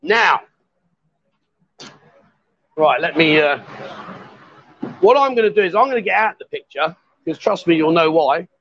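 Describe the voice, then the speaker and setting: A man's voice: on the high side, expressive, measured pace, long pauses, fairly bright tone, a little hiss or hum. A man hosting a live stream from a bar, chatting in a jovial, teasing way. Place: bar, indoors. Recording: dull lo-fi stream audio.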